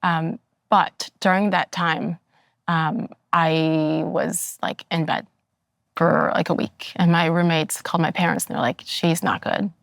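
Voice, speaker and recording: A woman hosting a conversational interview, with a somewhat low voice. She speaks in a reflective, personal, soft-spoken way. The recording is dry and close. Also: steady tone, measured pace, vocal fry, no room sound. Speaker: host.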